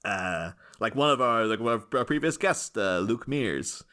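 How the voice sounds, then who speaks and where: A man's voice: fairly low pitch, animated, normal speed, bright, forceful tone. An English man co-hosting a podcast, chatting casually and rambling with frequent chuckles and restarts. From England. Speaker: podcast co-host. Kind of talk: casual chat.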